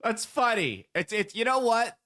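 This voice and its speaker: A joking man hosts a casual comedy podcast in a slightly high voice. He talks loosely and sometimes jumps into loud bursts while reading his ad spots. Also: sing-song, normal speed, a little hiss or hum. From United States. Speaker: podcast host.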